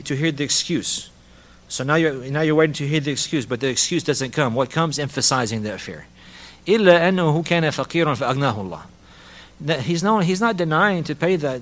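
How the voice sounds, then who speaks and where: Here a male Islamic teacher, his mid-range voice carrying a little brightness, teaches about a hadith and Arabic rhetoric. Key phrases get repeated, Arabic terminology is mixed in, and a soft laugh surfaces from time to time.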